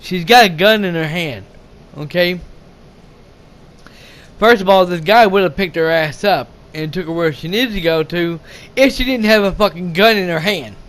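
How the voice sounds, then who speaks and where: In a high voice at a moderate pace, a young man rambles through an informal movie rant, cursing heavily. He stumbles, restarts, laughs, and shouts quoted lines as he reviews the film.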